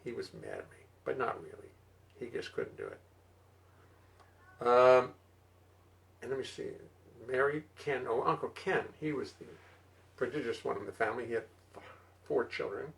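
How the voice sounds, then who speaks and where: A man hosting a live music stream from his studio, rambling and reminiscing with halting restarts between songs. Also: sing-song, gravelly. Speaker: singer-bassist host. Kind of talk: casual spoken aside between songs. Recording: distant mic, loud bass music behind. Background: loud double bass playing.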